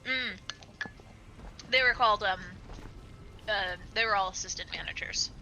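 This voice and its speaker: A young woman co-hosting a gaming video in casual chat, a lively storyteller who laughs often. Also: mid-range voice, measured pace, a little hiss or hum, poor audio. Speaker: gaming channel co-host. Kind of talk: casual chat while playing a game.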